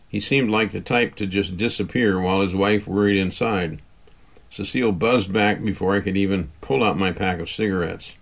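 A man with a low voice reads a first-person story aloud, wry and conversational. He keeps it easy, like he's telling it to a friend. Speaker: audiobook narrator. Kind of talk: first-person scripted narration.

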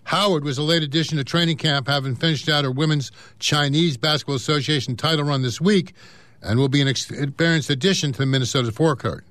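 Male reader of news and comic strips, casual, with offhand asides, higher voice, dry close sound. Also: fast, fairly bright tone, no echo. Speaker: newspaper reader. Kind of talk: reading news and comics aloud.

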